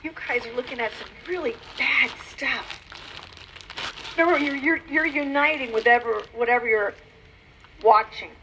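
A woman in her forties giving an animated personal testimony and teaching on faith, with emphatic, preacher-like exhortations. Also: high-pitched, moderate pace, long pauses, noisy background. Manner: animated storytelling, acts out quoted voices. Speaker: Christian speaker on pornography.

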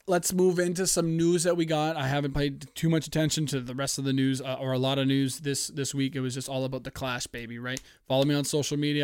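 A man from Canada hosting a podcast, chatting casually in a profane, excitable, rambling way on a headphone-wearing podcast setup. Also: medium pitch, clear, resonant tone, no room sound, clean studio sound. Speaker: podcast host. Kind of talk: casual chat. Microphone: headphones, podcast mic.

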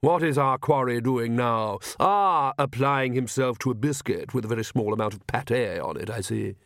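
Vlad is a smooth young vampire aristocrat, as a male narrator puts him on for a storybook audiobook. He speaks in an unhurried, silky drawl, polite with a predatory edge. The recording is dry and close. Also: mid-range voice, a bit bright, no echo, lightly acted.

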